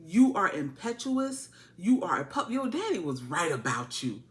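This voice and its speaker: A woman's voice: lowish voice, very animated, moderate pace. A woman voicing a stern older male royal adviser who scolds a young king. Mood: scolding. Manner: scolding, lecturing.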